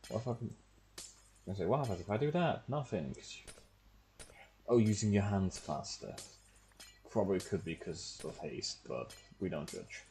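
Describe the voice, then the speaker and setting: A man's voice: lowish voice, lively intonation, normal speed, long pauses, dark tone, slight background noise. A man, casually talking to himself as he plays a game on stream. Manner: muttering thoughts to himself while playing. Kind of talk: casual gameplay commentary.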